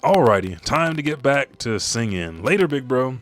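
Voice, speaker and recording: A man's voice: mid-range voice, big pitch swings, voice pushed up, close to an everyday voice. Man doing a cheerful young boy, raised and bouncy, odd laugh, faint music behind. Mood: chirpy. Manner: chirpy, with a drawn-out yo-ho-ho laugh. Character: cheerful scrappy eleven-year-old boy, odd laugh.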